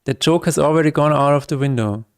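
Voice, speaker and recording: Chatty man with a smooth voice. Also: on the high side, fast talker. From Austria. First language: German. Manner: chatty, laughs often, reads chat aloud. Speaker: game developer streamer. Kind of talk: casual livestream chat.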